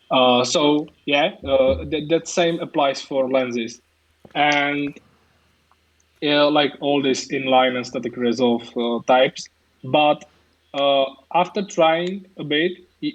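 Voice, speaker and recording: A man with a Czech accent answers questions over a video call, and his voice comes through dull and lo-fi. He talks in a hesitant way, with lots of "like" and "uh" and restarts, at an average pitch. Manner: hesitant, many fillers and restarts. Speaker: guest speaker. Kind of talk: live-streamed tech talk Q&A.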